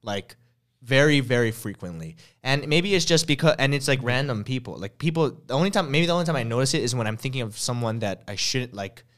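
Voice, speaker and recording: A man's voice: medium pitch, lively intonation, fairly quick, a bit bright. A man hosting a podcast, telling stories in rambling casual chat full of "like" fillers. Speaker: podcast host.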